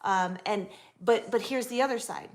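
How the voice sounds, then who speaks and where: Woman, 40s, from the US West Coast, chatty livestream host reading and answering viewers, mid-pitched voice. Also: moderate pace. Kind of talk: casual livestream chat.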